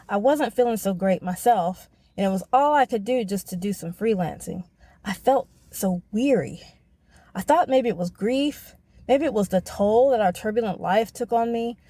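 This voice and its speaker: A woman hosting a podcast, reading a scripted personal narration in a reflective, measured way. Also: mid-range voice, warm tone, no room sound. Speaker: podcast host.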